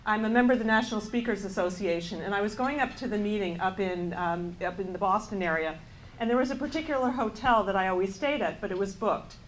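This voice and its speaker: A woman's voice: medium pitch, quick pace, a little hiss or hum, poor audio. A woman from the United States giving a keynote speech, telling a story with wry, self-mocking asides and quoting her own thoughts. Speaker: keynote speaker. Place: event hall.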